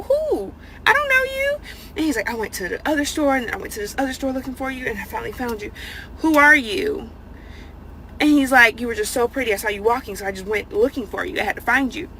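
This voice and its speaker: A woman telling an animated storytime rant, acting out both sides of the exchange in quoted voices. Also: fairly high pitch, slight background noise, low-quality recording.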